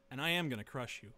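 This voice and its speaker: Sarcastic male vlogger, webcam rant, smooth and bright voice, swearing and rambling. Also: medium pitch. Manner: sarcastic, profane, rambling with many fillers. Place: living room.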